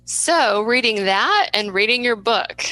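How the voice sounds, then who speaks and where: A woman's voice: a little high, expressive, slow pace, bright, forceful tone, dry recording, low-quality recording. A woman hosting a podcast, talking in a heartfelt, rambling way with many restarts. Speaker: podcast host. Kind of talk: interview conversation.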